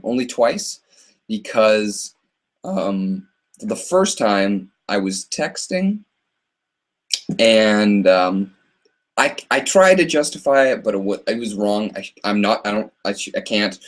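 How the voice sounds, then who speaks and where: Chatty man hosting a live Q&A. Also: on the low side. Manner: rambling and chatty, with frequent laughs. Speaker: host of a live ask-me-anything stream. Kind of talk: casual live-stream chat.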